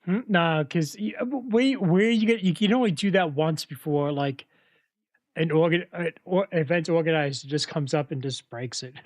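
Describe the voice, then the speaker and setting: Higher-voiced man teasing on a stream. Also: moderate pace, no echo. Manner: teasing, insistent. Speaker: co-host. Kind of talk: casual livestream banter.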